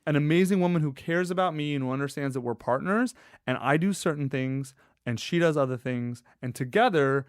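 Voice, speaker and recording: A man's voice: a little high, a little fast, smooth, dry recording, clean studio sound. A man, a podcast guest, telling personal stories in a casual, emphatic way, swearing now and then. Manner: animated, emphatic, casual swearing, acts out quoted friends. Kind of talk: casual conversational storytelling.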